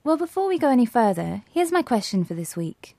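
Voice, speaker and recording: Mellow-voiced woman quiz presenter. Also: on the high side, sing-song, fairly quick, dry recording. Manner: clear, quizzing. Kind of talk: scripted educational podcast.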